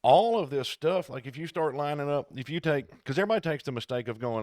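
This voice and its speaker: A man co-hosting a casual podcast chat, talking in an animated, digressive, jokey way. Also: on the high side, quick pace, no echo, clean studio sound. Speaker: podcast co-host.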